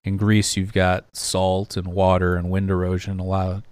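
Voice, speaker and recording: Man, low voice, smooth tone, casual podcast talk, rambling with fillers, dry close sound. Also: monotone, normal speed, darkish tone, no echo. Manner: rambling, hesitant, many fillers. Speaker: podcast co-host.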